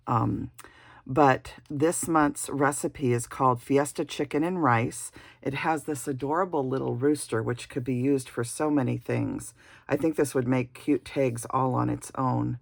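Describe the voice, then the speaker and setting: A woman vlogger chatting casually about new stamps in her craft studio, gushing and pausing with many ums and uhs. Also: extremely low pitch, steady tone, gravelly, dry recording. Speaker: card-making vlogger. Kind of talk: casual show-and-tell chat.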